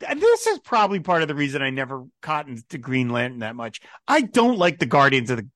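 A man co-hosting a casual comics podcast, animated and laughing often, slipping into mock voices for asides. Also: mid-range voice, a little fast, no room sound, studio quality. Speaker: podcast co-host. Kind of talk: casual chat about comics.

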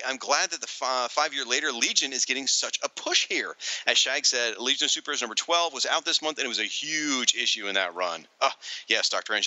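A man's voice: mid-range voice, no room sound, low-quality recording. A man co-hosting a casual podcast, reading listener comments aloud with frequent laughter. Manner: animated, laughs often, reads comments aloud. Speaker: podcast co-host.

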